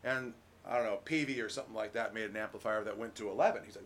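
A middle-aged man preaching a relaxed, conversational sermon as pastor, folksy, full of restarts and "you know.". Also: lowish voice, fast talker.

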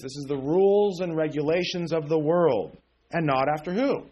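A man's voice: fairly high pitch, moderate pace, a little mellow, breathy edge. A man preaching a conversational sermon, often asking the congregation questions and checking in with "okay?". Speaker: pastor.

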